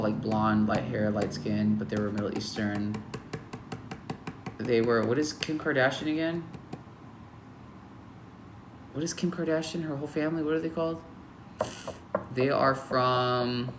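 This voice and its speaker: Guy rambling thru a live review, mid-pitched voice, bit of hiss behind him. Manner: rambling, thinks aloud and questions himself. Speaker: model photography coach. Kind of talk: casual live-stream review.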